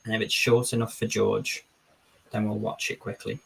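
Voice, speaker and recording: Chatty husky-voiced male streamer. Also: fairly low pitch, level tone, moderate pace. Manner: chatty, reads viewer comments aloud and answers them. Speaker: streamer host. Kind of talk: casual live-stream chat.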